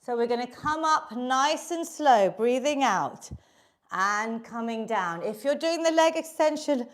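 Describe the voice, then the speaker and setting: A high-voiced British woman coaches an online workout class from home, bright with encouragement as she counts down reps. She sounds a little out of breath while she exercises along. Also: lively intonation, a little slow. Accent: British English. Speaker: fitness instructor.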